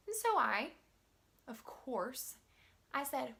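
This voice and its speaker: A woman teacher telling a story to the camera in a chatty, animated way, full of filler words. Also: mid-range voice, moderate pace.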